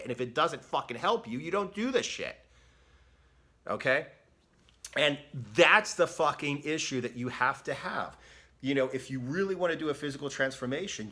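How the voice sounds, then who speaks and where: A man's voice: mid-range voice, a bit bright. A man coaching fitness in a direct-to-camera rant, blunt and profane, tagging his points with "okay?" and mocking excuses in quoted asides.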